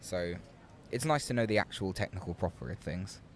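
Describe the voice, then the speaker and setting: A man's voice: deep voice, expressive, brisk. A young man commentating live at an outdoor rowing regatta, chatty and playful with wordplay.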